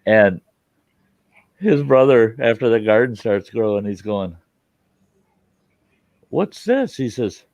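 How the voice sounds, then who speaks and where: Host, man, lowish voice, rambling storyteller, dull dry recording. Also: measured pace, a little mellow, dry recording. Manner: rambling storyteller, laughs at his own retellings. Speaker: show host. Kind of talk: casual chat.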